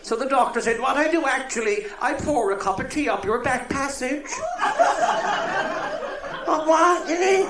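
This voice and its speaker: A man with a Cork Irish accent telling jokes to a live audience, jumping into high shouted voices for the people in his jokes. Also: a little fast, hardly any pauses, a little hiss or hum. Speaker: comedian. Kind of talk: live stand-up joke telling. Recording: echoey live venue with laughing crowd, worn tape copy.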